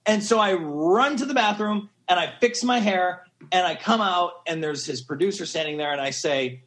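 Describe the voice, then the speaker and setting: Excitable man telling a story. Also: high voice, normal speed. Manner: excitable, laughs often, rambling asides. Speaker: podcast guest. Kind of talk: animated storytelling.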